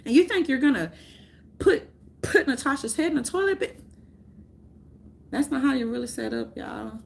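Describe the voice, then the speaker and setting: A woman vlogging in a casual, rambling rant, swearing often, laughing, and swinging between loud outbursts and mutters. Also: high-pitched, very animated, moderate pace, creaky. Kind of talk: casual chat.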